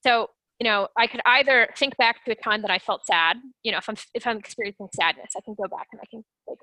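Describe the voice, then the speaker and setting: A woman speaking as an interview guest, explaining things in an animated way and acting out her own inner voice. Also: a little high, fast talker, no room sound, low-quality recording. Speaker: guest, sales development rep. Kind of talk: conversational interview.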